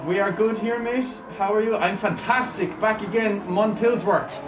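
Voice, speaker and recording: A man's voice: high-pitched, moderate pace, music in the background. A young man, streaming live and commentating a racing league in an upbeat, chatty way, talking to his chat.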